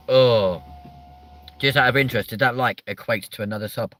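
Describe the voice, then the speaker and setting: Sweary man, bright dry voice. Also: lively intonation, no room sound. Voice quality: sweary, rambling, quick to rise in pitch when riled. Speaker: livestream host. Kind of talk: casual livestream chat.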